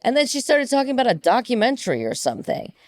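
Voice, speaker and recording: A woman's voice: fairly high pitch, fast, no echo, clean studio sound. A young woman co-hosting a podcast, chatting casually, swearing and joking with friends. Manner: animated, swearing, jokey and laughing. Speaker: podcast co-host. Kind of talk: casual chat.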